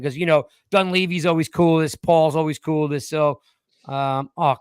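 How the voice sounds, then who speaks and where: A fairly high-voiced man in his forties hosts a relaxed live-stream chat. He rambles, jokes and restarts his sentences often. The sound is close and dry. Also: normal speed, clear, resonant tone, dry recording. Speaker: podcast host.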